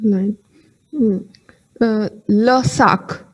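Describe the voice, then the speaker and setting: A woman's voice: medium pitch, extremely slow, husky, highs cut off. A woman student who hesitantly repeats French words after her teacher.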